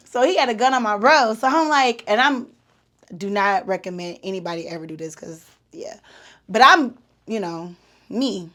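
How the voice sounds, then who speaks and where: A woman, hosting a podcast and telling a story in an animated, slangy way with laughs. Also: mid-range voice. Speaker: podcast host. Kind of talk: casual storytelling.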